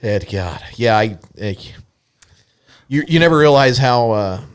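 A man's voice: medium pitch, lively intonation, clear, resonant tone. Guy telling a story, stops and restarts a lot, casual chat. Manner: halting, many restarts.

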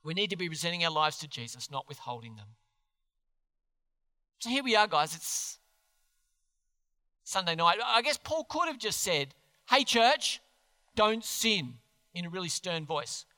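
A man preaching a sermon as pastor in a church, earnest and animated, putting questions to the congregation. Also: a little high, moderate pace, pauses often. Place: church hall. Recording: long hall reverb.

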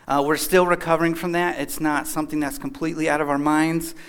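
A man from Kentucky speaks to a church crowd in a loose, chatty way, cracking jokes as he goes. His voice sits a little on the high side. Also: little pitch movement, fast talker, a bit bright, clear, resonant tone. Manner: chatty, joking, folksy. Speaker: guest speaker. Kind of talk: casual church talk with jokes. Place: church hall.

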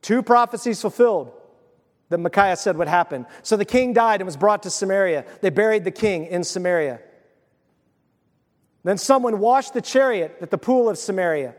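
A man pastor preaching a sermon, telling the story with animated asides and acted-out voices. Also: high voice, normal speed, long reverb tail.

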